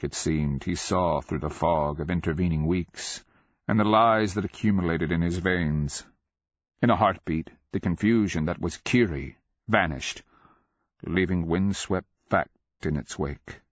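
A man narrating a dark fantasy story in a measured, deliberate way. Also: low voice, no room sound. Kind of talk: dramatic fantasy audiobook narration. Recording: dull lo-fi dry recording.

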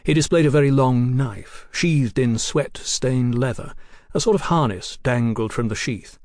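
A man reading a novel aloud as an audiobook narrator, in a measured, descriptive way. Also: medium pitch, a little mellow, dry recording, studio quality.

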